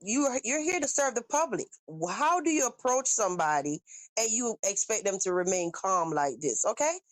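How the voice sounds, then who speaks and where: A woman hosting a casual live reaction video, animated and talking straight to her viewers with frequent questions. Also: mid-range voice, moderate pace, no room sound. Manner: animated, asks viewers questions and reads chat aloud.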